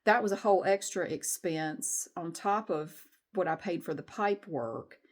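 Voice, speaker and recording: A woman's voice: lowish voice, a little slow. A middle-aged woman, venting candidly in a rambling, frustrated way with some swearing in a casual vlog. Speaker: vlogger.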